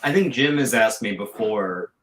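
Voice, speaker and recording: A man talking as a podcast guest about his comic, rambling and excited, with many restarts. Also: fairly low pitch, moderate pace, a crowd in the background. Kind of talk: casual podcast chat.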